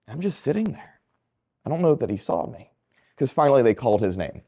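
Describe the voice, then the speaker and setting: Priest, male, delivering a homily; storyteller who swoops through his pitch and does the voices of the people in his anecdotes. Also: a little fast, pauses often, breathy edge. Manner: animated storytelling, acting out quoted people. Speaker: Catholic priest.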